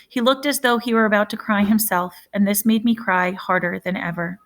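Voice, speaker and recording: A woman reads a novel aloud in a hushed, measured voice of middling pitch. She lets phrases hang in dramatic pauses, drawing the tension out slowly. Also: fairly even intonation. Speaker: reader.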